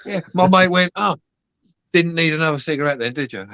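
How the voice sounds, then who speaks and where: A man's voice: fairly high pitch, fairly quick, a crowd in the background. A man, chatting on a live stream, telling stories, swearing freely and acting out the people he quotes. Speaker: host. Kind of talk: casual chat on a live stream. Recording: dull, dry lo-fi sound.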